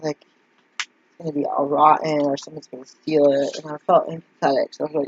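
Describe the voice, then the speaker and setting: A woman's voice: low-pitched, monotone, fast talker, a little mellow, breathy edge. A woman telling a meandering story in a casual vlog, full of fillers and asides. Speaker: vlogger. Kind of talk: casual rambling monologue. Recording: dull lo-fi dry recording.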